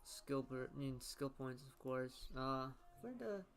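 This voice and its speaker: A man's voice: mid-range voice, animated, takes it slowly, faint music behind. A young man with a Floridian accent chatting casually while playing a game, reacting aloud and often trailing off mid-sentence. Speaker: gaming content creator. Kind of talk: casual gameplay commentary.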